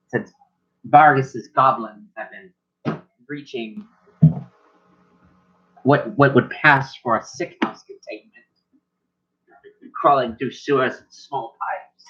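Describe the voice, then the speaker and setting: A man voicing a noble elf mother who talks in a measured, confiding way. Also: mid-range voice, fairly bright tone, muffled recording, natural voice. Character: proper noble elf mother, worried and gossipy.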